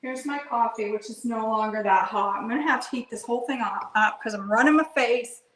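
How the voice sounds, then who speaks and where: A woman's voice: on the high side, a little fast, a bit bright, reverberant, low-quality recording. A woman hosting a live cooking show from her home kitchen, chatting to herself and her viewers in folksy slang as she works. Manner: chatty, talks to herself and viewers while working.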